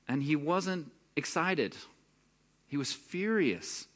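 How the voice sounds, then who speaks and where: A young pastor preaches a conversational sermon, sometimes acting out the voices of people in the story. His voice is a little high and a bit bright, and he speaks a little slowly.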